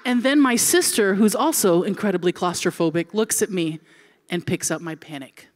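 A pastor in her forties delivers a sermon, her fairly low voice moving at normal speed with a big-room sound. She tells a comic story with lots of animation, playing out the scenes herself.

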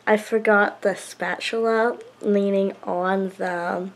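A woman's voice: mid-range voice, fairly even intonation, slow pace, slight background noise, low-quality recording. A young woman chatting casually to camera at home, rambling with lots of fillers. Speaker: vlogger. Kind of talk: casual vlog chat to camera. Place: home, indoors.

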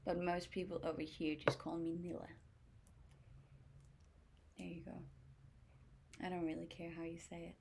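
A woman's voice: lowish voice, level tone, a little slow, vocal fry, long pauses, background noise. A young woman streamer from Denmark chatting casually and answering viewers' questions aloud. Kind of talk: casual chat reading viewer comments.

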